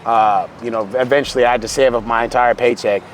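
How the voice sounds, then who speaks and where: A man's voice: mid-range voice, fast, slight background noise. A man from California with a Californian accent, telling a story in casual, profane talk and acting out quotes. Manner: animated, profane, acts out quotes. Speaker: streamer guest.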